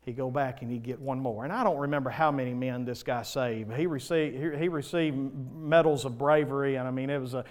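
A man preaching a sermon in church, pleading and impassioned, swinging from loud swells to soft, quiet passages. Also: mid-range voice, brisk, hardly any pauses.

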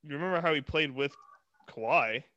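A man's voice: fairly high pitch, fairly quick, pushed and bright. A man, blunt and jokey in casual sports chat. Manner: laid-back, blunt, jokey. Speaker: podcast co-host. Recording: slightly dull lo-fi sound.

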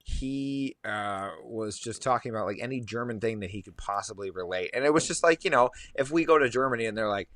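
A man in casual podcast chat, telling profane anecdotes in a lively way and laughing in bursts. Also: mid-range voice, fairly quick, few pauses, dry recording.

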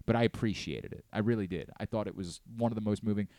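This sports talk radio host, a man in his late thirties, talks fast in a mellow, fairly low voice, earnestly and candidly, with frequent sentence restarts. The close studio mic leaves no echo.

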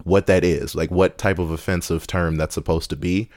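A man, an ambulance medic, telling a profane, animated story on a casual podcast. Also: low-pitched, normal speed, dry recording, studio quality. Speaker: podcast co-host.

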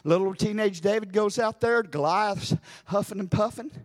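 A man preaching a sermon with fervor, repeating phrases, calling out praise and rising to shouted exclamations. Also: high voice, normal speed. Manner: repeats phrases and calls out hallelujah.

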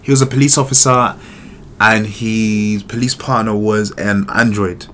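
A man co-hosting a podcast, chatting casually in an animated, slangy way and swearing freely. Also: lowish voice, measured pace, a little hiss or hum. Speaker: podcast co-host. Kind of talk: casual chat.

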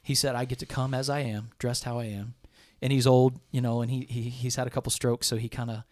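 A man's voice: mid-range voice, little pitch movement, fairly quick, darkish tone. A man on church staff telling a personal story in an earnest, rambling way during a casual discussion.

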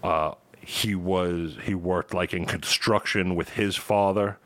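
Deep-voiced laid-back man telling stories. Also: steady tone, slow pace, fairly bright tone, no echo. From New York, Long Island. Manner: laid-back storytelling, laughs easily. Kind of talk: casual chat.

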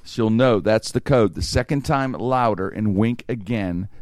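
A man's voice: lowish voice, measured pace, darkish tone, no echo, clean studio sound. A man telling a long funny story in casual chat, acting out the other people's lines as he goes. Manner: acts out quoted lines, laughs through punchlines.

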